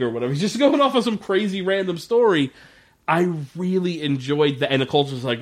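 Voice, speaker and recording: A man's voice: high-pitched, expressive, fairly quick. A man co-hosting a podcast, recapping a TV episode in casual chat, laughing often and swearing freely. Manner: laughing, profane, rambling. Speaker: podcast co-host.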